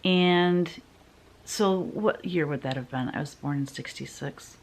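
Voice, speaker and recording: A woman in her fifties hosts her own vlog, chatting to the camera. Her voice sits low, and she tells her story in a loose, rambling way, full of fillers and side remarks. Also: unhurried. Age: 50s. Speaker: vlogger host.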